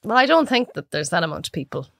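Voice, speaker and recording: Chatty Irish woman telling lively stories. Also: lowish voice, fast, gravelly, no echo, clean studio sound. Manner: chatty, animated storyteller who laughs often. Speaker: podcast guest, cook. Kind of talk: casual chat.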